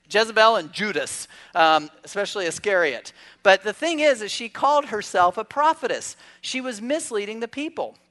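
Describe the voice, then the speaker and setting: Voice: mid-range voice, animated, normal speed, pushed and bright. Pastor at a church service, chatty preaching style with rhetorical questions and light jokes. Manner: conversational preaching with rhetorical questions and humorous asides. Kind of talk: sermon.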